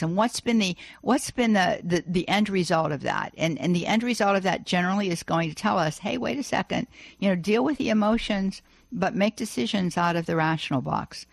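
A woman's voice: on the low side, brisk, gravelly, dry recording. A woman hosting a Catholic radio call-in show, gushing with praise and full of fillers and restarts. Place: radio studio.

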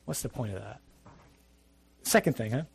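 A man's voice: medium pitch, animated, moderate pace, vocal fry, slightly rough, dry recording. A middle-aged man, a priest, giving a conversational, emphatic sermon with asides.

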